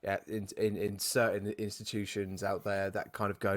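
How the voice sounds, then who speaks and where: A UK man hosting a podcast, speaking earnestly and reflectively in long, flowing sentences. His voice sits fairly low and sounds close and dry, with no room around it. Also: fairly even intonation, moderate pace, few pauses, no room sound. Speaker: podcast host. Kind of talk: casual interview chat.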